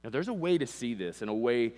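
A man's voice: mid-range voice, big pitch swings, fast, darkish tone. A male pastor preaching with passion, rising and falling in force and acting out the voices he quotes, recorded in a church sanctuary on a pulpit microphone. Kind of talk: sermon. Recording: long reverb with mains hum.

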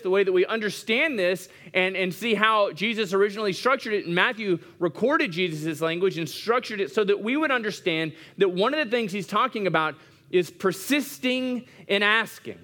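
A pastor preaching a sermon at a church service, conversational and repeating phrases for emphasis. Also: male voice, high voice, animated, fairly quick, fairly bright tone.

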